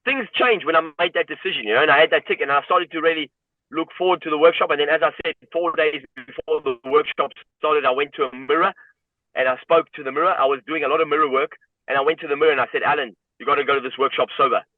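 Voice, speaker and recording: A South African man, a guest on the recording, tells a personal story reflectively and often fills pauses with "you know." His voice is slightly high and quick, and the dry sound comes through a tinny, phone-like line.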